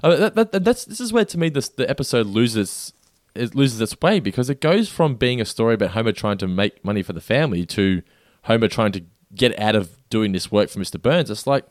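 A man co-hosting a podcast, chatting casually about a cartoon episode in an animated, exasperated, sweary way. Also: on the low side, brisk, dry recording, clean studio sound. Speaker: podcast co-host.

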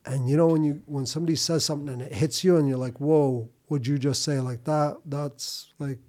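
A man in casual podcast chat, talking reflectively with halting restarts. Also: fairly high pitch, fairly even intonation, darkish tone.

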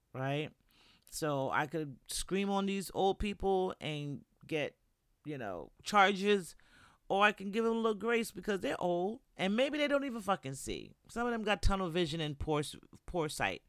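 Talking straight to her listeners in a dry, dead room with no room sound, a low-voiced podcast host from New York tells candid stories in a casual monologue. She's blunt and swears freely.

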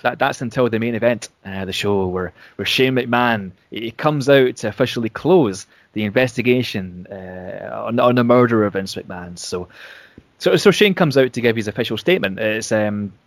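A man's voice: on the low side, animated, moderate pace, no room sound. A man casually retelling a wrestling storyline, rambling with restarts and fillers.

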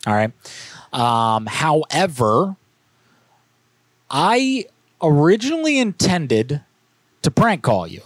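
A man's voice: a little high, wildly swooping pitch, slow pace, long pauses, no room sound. A man who is a prank caller and podcast host, talking in loose, profane, casual chat.

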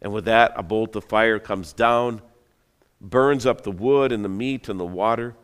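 A man's voice: on the low side, a little slow, fairly bright tone, smooth. A man preaching a sermon, retelling a story in a conversational, dramatic way with joking asides. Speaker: pastor. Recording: long hall reverb.

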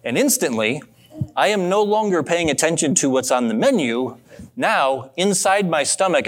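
A man's voice: a little high, expressive, moderate pace. Man preaching a chatty sermon. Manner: conversational storytelling, asks the listeners questions. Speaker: pastor.

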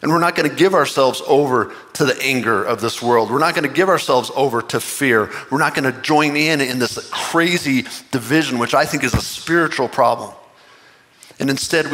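A man preaching a sermon, impassioned and earnest, with excited rising bursts. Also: mid-range voice, big-room sound. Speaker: pastor.

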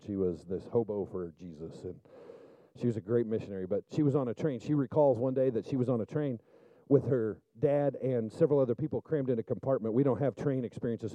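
A male pastor preaching a sermon, telling stories and building up to loud, fervent peaks. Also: medium pitch, dry recording, dull audio. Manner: storytelling preacher, rises to loud fervent climaxes.

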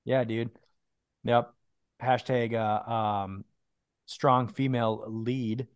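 A man talking in a casual podcast chat, passing along movie trivia in a relaxed, offhand way. His voice sits at an ordinary middle pitch. The sound is dry and close, with no room around it. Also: takes it slowly, clear, resonant tone, dry recording. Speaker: podcast co-host.

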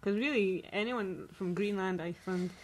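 A woman's voice: mid-range voice, moderate pace. A woman from the UK co-hosting a podcast, chatting casually with a playful, giggly manner. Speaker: podcast co-host. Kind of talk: casual chat.

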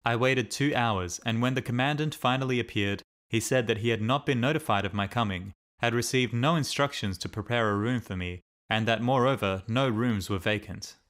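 A man narrating a diary as an audiobook in a steady, measured reading. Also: medium pitch.

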